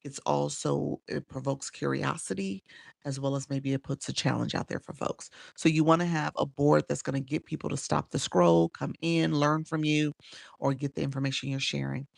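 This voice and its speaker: A woman with a Chicago accent runs a casual live-stream coaching session, laughing often and calling out viewers by name. Her voice has a gravelly, fried texture, and the sound is close and dry with no room echo. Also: low voice, fairly even intonation, normal speed. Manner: chatty, laughs often, reads out viewer names.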